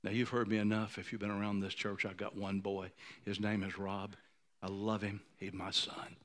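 A man in his sixties preaching a sermon, moved to tears, who swings from ringing high declarations down to hushed near-whispers. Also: flat delivery, normal speed. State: emotional, choked up. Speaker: pastor.

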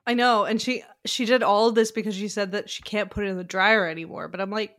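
A woman co-hosting a casual podcast, recapping a reality show in an animated, storytelling way and acting out quotes. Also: medium pitch, quick pace, hardly any pauses. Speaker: podcast co-host.

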